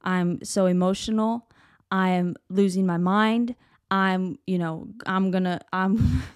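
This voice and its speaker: A young woman talks through a casual faith podcast in a middle-pitched voice, recorded close and dry. She rambles and repeats herself, and she leans on "like" and "you know.". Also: clean tone, dry recording. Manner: rambling, repeats words, many "like" and "you know", laughs often. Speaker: podcast host.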